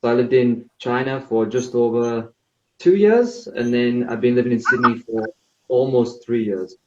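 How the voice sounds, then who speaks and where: A man's voice: mid-range voice, moderate pace, roomy sound, highs cut off, background noise. A man in his twenties with a northeast English accent, chatting easily as a guest on a live video call interview. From northeast England. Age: 20s. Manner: easygoing and chatty, with light laughs. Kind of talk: casual interview chat.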